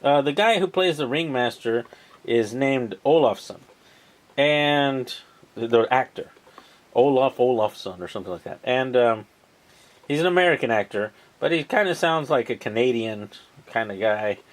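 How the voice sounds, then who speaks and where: A man's voice: mid-range voice, lively intonation, normal speed. A man casually retelling a film plot, rambling with lots of ums and uhs and the odd swear word. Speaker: vlogger.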